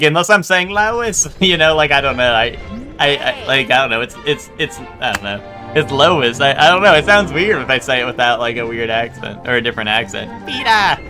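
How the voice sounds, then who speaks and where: A young man from New Jersey chatting casually while streaming a video game, rambling with lots of fillers and restarts. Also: medium pitch. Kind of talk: casual live-stream chat over gameplay. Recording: game music behind voice.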